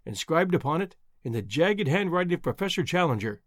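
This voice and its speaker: A male audiobook narrator reading with animated, expressive delivery. His voice sits somewhat high and rises and falls freely. The recording is dry and close, with no room echo. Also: fairly quick.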